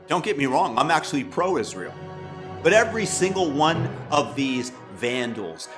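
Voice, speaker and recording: A man's voice: on the high side, fairly bright tone. A man from Boston hosting a political commentary, talking in a mocking, sneering and theatrical way.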